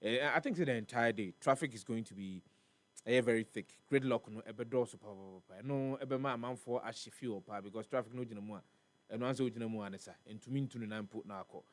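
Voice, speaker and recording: A man with a Ghanaian accent hosts a live morning radio show at a fast clip, his voice medium in pitch. He reads weather and traffic, chats, and repeats words for emphasis over a faint music bed.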